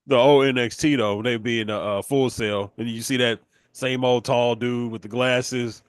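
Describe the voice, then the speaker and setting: A man's voice: mid-range voice, normal speed, clear, resonant tone, no room sound. Laid-back man in a dry room. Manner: relaxed, laid-back slang, short reactions. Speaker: podcast co-host. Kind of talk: casual wrestling podcast chat.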